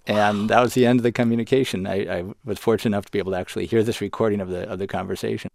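Low-voiced reporter guy explaining stuff in an interview, restarts a lot, dead dry sound. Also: steady tone, very fast, gravelly, darkish tone, no room sound. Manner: explanatory, with frequent self-corrections. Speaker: newspaper reporter. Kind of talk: radio interview answers.

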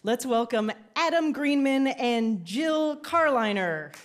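A woman hosting a live quiz show, teasing the contestants and quick to laugh. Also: sits high, animated, very noisy.

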